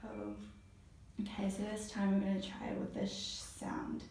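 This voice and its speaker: A woman's voice: mid-range voice, unhurried, creaky, a little mellow, a little hiss or hum. Encouraging woman guiding breathing exercises. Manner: encouraging, praises often. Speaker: voice therapist guiding a client. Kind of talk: step-by-step instruction. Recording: echoey room, mic at a distance.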